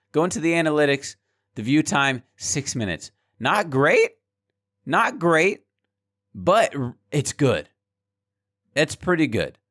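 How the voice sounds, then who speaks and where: A man's voice: fairly high pitch, fairly bright tone. A man talking candidly to his viewers in a vlog, frank and heated, swearing freely and repeating words as he gets worked up. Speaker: small gaming YouTuber and streamer. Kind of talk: candid vlog rant to camera.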